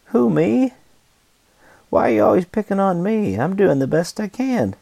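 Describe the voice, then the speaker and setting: A man's voice: sits high, very animated, a little slow, creaky, dark tone, pitched above the performer's own voice, heavily acted. A man voicing a defensive, guilty man who protests and dodges blame in a whiny, indignant tone.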